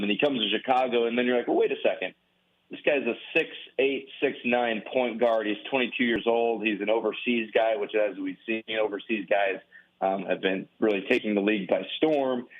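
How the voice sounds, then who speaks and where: Brief: man, sports talk co-host, calm stats talk, tinny lo-fi sound. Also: mid-range voice. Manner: measured, explanatory, stats-driven. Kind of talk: sports talk radio analysis. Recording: tinny phone-like line.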